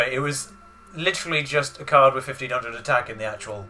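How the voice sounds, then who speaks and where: A man's voice: mid-range voice, brisk, hardly any pauses, pushed and bright, faint music behind. A man giving casual, rambling gameplay commentary as a let's play gamer. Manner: rambling, chatty explanations.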